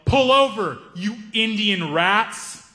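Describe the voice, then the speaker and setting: A man doing an angry yelling bully. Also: sits high, very animated, a little fast, voice pushed up, full character voice. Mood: furious. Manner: yelling, aggressive. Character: furious loud-shirted male bully. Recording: echoey hall reverb.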